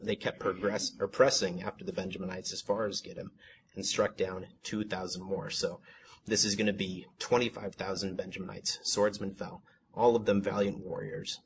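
A man's voice: sits low, little pitch movement, moderate pace, vocal fry, a little hiss or hum. A man reading Bible passages aloud and commenting on them, correcting himself and stammering with fillers as he talks. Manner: reads plainly, self-corrects, stammers with fillers. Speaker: Bible teacher.

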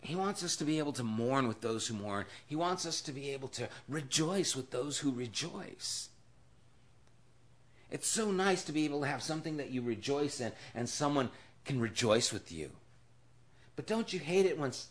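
A man giving a conversational sermon as a pastor. He talks like he is telling a story to friends. His voice sinks to a hush, then climbs loud and emphatic. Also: very animated, normal speed. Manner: storytelling, swinging from hushed and low to loud and emphatic. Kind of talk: conversational Bible-study sermon.

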